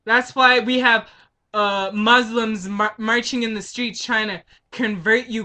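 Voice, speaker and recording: A Canadian vlogger rants about politics to the camera, heated and frustrated, firing off rhetorical questions. Her high, bright voice is forceful yet steady, and she keeps a measured pace.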